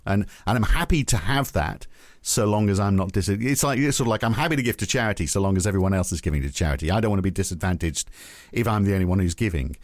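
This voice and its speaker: A man co-hosting a casual podcast conversation, thinking out loud with restarts and fillers. His voice sits fairly low. The sound is dry and close, with no room around it. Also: lively intonation, fast, dry recording. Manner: musing, rambling, many restarts. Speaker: podcast co-host. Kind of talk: casual chat on economics.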